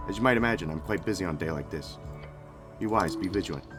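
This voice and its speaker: A man voicing a pompous wealthy middle-aged lord and father, smooth and condescending in a low-pitched voice. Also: fast talker, over music, natural voice. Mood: smug.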